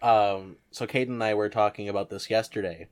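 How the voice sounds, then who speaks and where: A young man co-hosting a casual chat, calmly summing things up. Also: lowish voice, a little fast.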